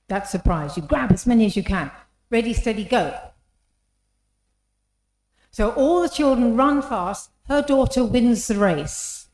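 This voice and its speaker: A woman's voice: a little high, lively intonation, unhurried, pauses often, a little mellow. A woman giving an inspirational talk in an engaging storytelling manner, often asking the audience questions. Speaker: speaker. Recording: echoey hall.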